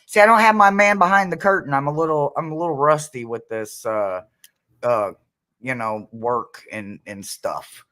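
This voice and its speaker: A man's voice: medium pitch, moderate pace, pushed and bright. A man hosting a tarot reading live stream, chatting playfully and laughing often as he greets viewers. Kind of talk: casual live-stream chat.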